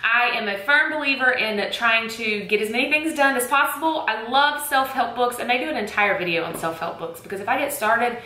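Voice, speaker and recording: A woman's voice: fairly high pitch, sharp tone, roomy sound. A young woman with a Southern US accent, chatting casually and gushing to camera about her favorite things as a teacher vlogger. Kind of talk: casual product chat to camera. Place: room lit with bright lights.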